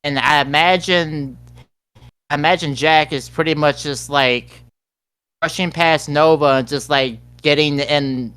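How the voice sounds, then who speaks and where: Smooth-voiced man playing a tabletop game. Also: a little high, steady tone, unhurried, pushed and bright, no room sound. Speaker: player. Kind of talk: casual tabletop role-play.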